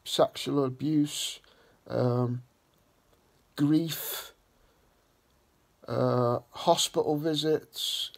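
Man, slow and earnest, gravelly, husky. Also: medium pitch. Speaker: vlog host. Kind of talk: reflective vlog talk.

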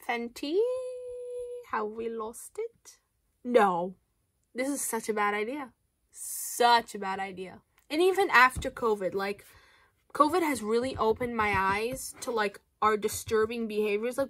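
A young woman from Canada chats about makeup in a casual, playful vlog, reacting with animated exaggeration. Her voice sits a little high, and the sound is close and dry with no room echo. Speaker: beauty vlogger.

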